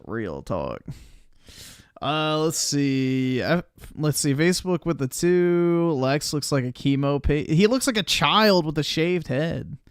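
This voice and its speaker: A man's voice: a little high, animated, slow, clean tone, no echo, clean studio sound. A man streaming live, reacting to a video with crude, mocking, blunt commentary to his chat. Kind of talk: casual livestream commentary.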